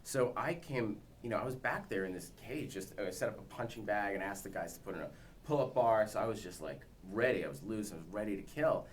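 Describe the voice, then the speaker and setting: Lively man telling a story. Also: on the low side, a little fast, slight background noise. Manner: animated storytelling, imitates others for laughs. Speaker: actor and director at a press junket. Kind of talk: press junket interview.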